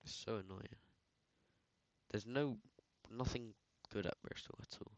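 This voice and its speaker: A man's voice: fairly low pitch, measured pace, gravelly, no room sound. A man with a British accent chatting casually while editing photos, rambling and slangy, full of filler words. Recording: dull, dry lo-fi sound.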